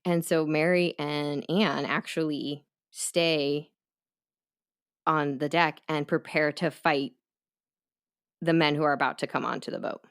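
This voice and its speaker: A woman hosting a podcast, telling a true story in casual chat with quick asides and frequent laughs. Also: deep voice, fairly even intonation, clean tone. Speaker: podcast host.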